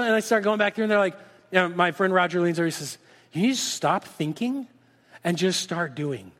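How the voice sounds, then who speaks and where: A middle-aged male pastor preaching a sermon, acting out lively back-and-forth dialogues with God. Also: high voice, brisk. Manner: animated, acts out dialogue with God in different voices. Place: church sanctuary. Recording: reverberant church hall.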